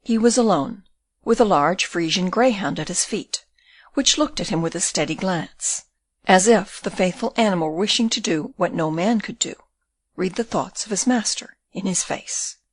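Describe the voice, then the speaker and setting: A woman reading an audiobook with measured, even storytelling. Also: medium pitch, dry recording. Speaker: audiobook reader. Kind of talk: audiobook narration.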